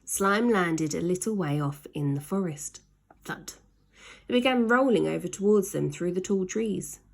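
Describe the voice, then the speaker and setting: A woman reads a children's story aloud, slow and expressive. Her voice is husky and gravelly, and it rises and falls with wide, lively swings of pitch.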